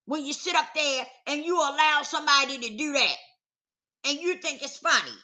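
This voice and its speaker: A woman's voice: high voice, lively intonation, normal speed, sharp tone. A woman vlogger talking straight to camera in a casual, emphatic rant, circling back to the same points with heat. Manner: emphatic, repetitive, heated.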